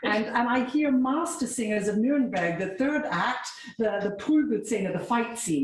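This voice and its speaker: A woman's voice: a little high, expressive, normal speed, few pauses, roomy sound, slight background noise, low-quality recording. A woman hosting a casual live chat, talking freely with many fillers and frequent laughs. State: coughing from spicy food. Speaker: host. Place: home kitchen.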